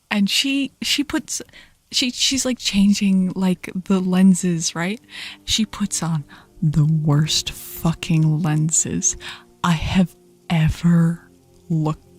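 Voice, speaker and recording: A young adult woman streamer tells a story in casual chat, sounding animated and profane and laughing often. Her voice sits on the low side.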